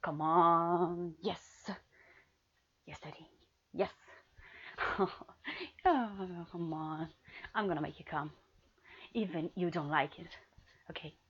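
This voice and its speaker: Woman, adult audio role-play, teasing and bossy, unhurried delivery, dull lo-fi sound. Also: lowish voice, fairly even intonation, husky. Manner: teasing and commanding; swings between hushed murmurs and loud outbursts.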